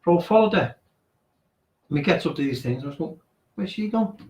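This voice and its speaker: A man's voice: on the high side, animated, fast talker, a little mellow. A man, a guest on a radio show, telling a ghost story in a rambling way and acting out what each person said. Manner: acts out quoted dialogue, rambling. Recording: echoey room.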